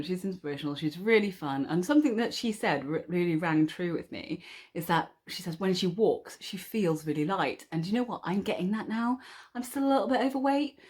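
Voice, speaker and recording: A woman from the UK in her thirties, chatting to camera in a casual vlog with an encouraging, lively manner. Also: sits low. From United Kingdom. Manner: chatty and encouraging, bursts into laughter and swearing. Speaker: weight-loss vlogger.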